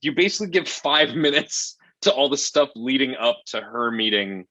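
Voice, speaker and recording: A man's voice: mid-range voice, lively intonation, moderate pace, pushed and bright, dry recording, muffled recording. A man reviewing a film in casual chat, rambling and profane, often exasperated.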